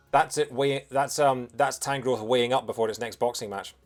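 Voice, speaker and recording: A man giving casual gameplay commentary as a let's play host, excitable and chatty, humming tunes and cracking jokey asides. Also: medium pitch, a little slow, soft background music.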